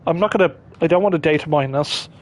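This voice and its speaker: A man's voice: fairly high pitch, quick pace. A man giving casual gameplay commentary, rambling and breaking off his own sentences with chuckling asides. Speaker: streamer.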